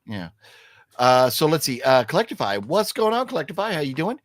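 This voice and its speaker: A man's voice: on the high side, fairly quick, no room sound. An older man co-hosting a live stream, reading chat comments aloud and joking casually. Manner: lively, reads chat comments aloud, jokey. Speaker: co-host. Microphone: streaming setup.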